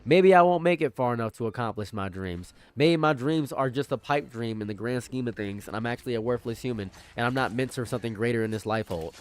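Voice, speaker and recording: A man's voice: mid-range voice, fast talker, hardly any pauses, smooth. A young man streaming, chatting casually and joking around, often repeating his lines for comic effect. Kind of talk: casual rambling stream banter.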